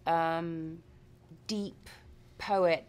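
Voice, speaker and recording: A woman interviewed as an actress at a press junket, talking in a reflective, warm way. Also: fairly low pitch, fairly even intonation, drawn-out words, clear, resonant tone. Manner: warm, reflective, says darling. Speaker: actress guest.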